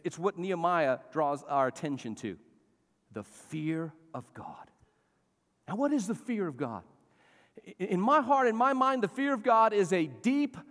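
A middle-aged man preaching a sermon in a church, exhorting his congregation and calling for responses. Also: fairly high pitch. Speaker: pastor. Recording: long reverb of a church hall.

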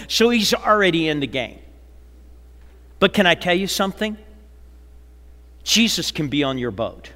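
Pastor, male, bright tenor sermon voice, dramatic hushes, big church hall reverb. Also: fairly high pitch. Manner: dramatic preaching, slows and drops to a hush for emphasis; acts out quoted people in a lively voice. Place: large church auditorium.

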